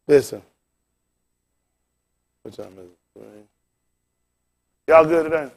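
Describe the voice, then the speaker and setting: A man's voice: fairly high pitch, takes it slowly, darkish tone. A man in his fifties preaching to his congregation, tired and frustrated, firing off rhetorical questions and repeating phrases with sudden rises and drops in force. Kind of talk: impassioned sermon to a congregation.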